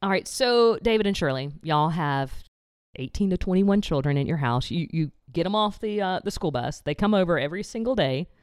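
A woman hosts a faith talk show in a chatty, affirming manner. Her voice is smooth and resonant, and it sounds close and dry, with no room echo. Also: lowish voice, lively intonation, fairly quick. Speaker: host.

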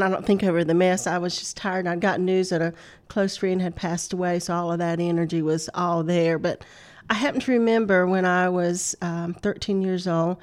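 A middle-aged woman, laughing often as she tells a personal story on a faith talk show. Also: fairly low pitch. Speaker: guest.

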